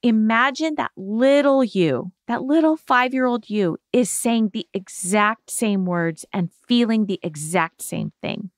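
Gentle woman coaching, dry close sound. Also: on the high side, lively intonation, a little slow, hardly any pauses, no echo. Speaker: podcast host giving therapy advice. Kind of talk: explanatory self-help talk.

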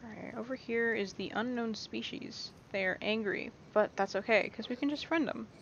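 Young female gameplay streamer, playful rambling chatter, raised pitch, gravelly fry, dull lo-fi mic with faint hiss. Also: moderate pace. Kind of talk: casual let's-play commentary.

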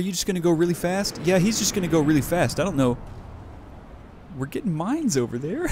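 A young man commentating his own gameplay with boundless enthusiasm. His pitch sits a little high and swings widely, leaping up in bursts of excitement. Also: normal speed, a little hiss or hum. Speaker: let's play host.

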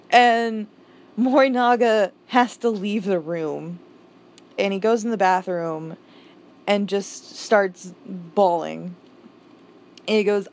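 A woman's voice: medium pitch, takes it slowly, long pauses. Woman host of a manga review vlog, mid-range voice, talks off the cuff and swears a lot. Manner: swears freely, rambling with restarts; gushing and exasperated. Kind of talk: casual rambling review.

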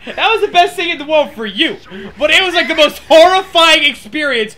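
A young co-host in casual gameplay chat, ranting with loud, profane mock outrage. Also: high-pitched, lively intonation, fairly quick. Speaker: let's play co-host.

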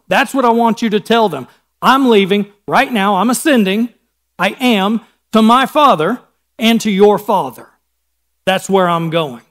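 Pastor, male, Midwestern American accent, high voice, chatty sermon delivery that slips into voices for the Bible scenes. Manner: conversational, acts out Bible scenes in casual voices.

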